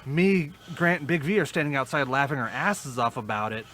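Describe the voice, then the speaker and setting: Bright-voiced man telling a story. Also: mid-range voice, a little fast, slight background noise. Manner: animated storyteller, swearing, laughing often. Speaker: podcast co-host. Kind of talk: casual chat, storytelling.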